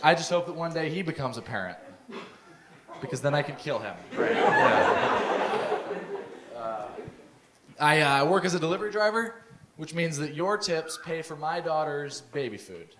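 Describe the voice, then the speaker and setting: A young man doing a deadpan stand-up set of dark one-liners. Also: on the high side, measured pace, long pauses, background noise. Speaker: stand-up comedian. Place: comedy showcase stage. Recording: live with loud audience. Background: audience laughter.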